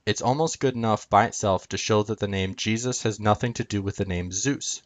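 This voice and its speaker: Guy with a lowish voice walking through letters on screen, lots of ums, dry close mic. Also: brisk, no room sound. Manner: hesitant, many ums and uhs, pointing at on-screen letters. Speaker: video presenter explaining Greek spellings. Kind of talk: casual screen-share explanation.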